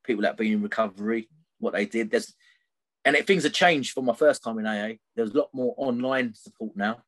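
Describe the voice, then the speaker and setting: A man's voice: medium pitch, brisk, a bit bright. A middle-aged man tells a personal story as a podcast guest, rambling and often tagging his sentences with "right?". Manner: rambling, tags sentences with "right?", many fillers.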